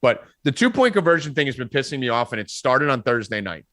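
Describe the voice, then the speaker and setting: A man's voice: medium pitch, fast, no echo, clean studio sound. A man hosting a sports betting podcast, ranting and swearing about football decisions. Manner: profane, ranting, animated. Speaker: podcast host.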